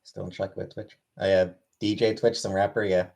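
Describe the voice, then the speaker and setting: A man's voice: sits low, little pitch movement, fairly quick, creaky, a little mellow. Laid-back man greeting viewers on stream. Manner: laid-back, greets viewers one after another by name; dry, offhand replies. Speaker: live streamer. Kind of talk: casual livestream chat, reading and answering chat.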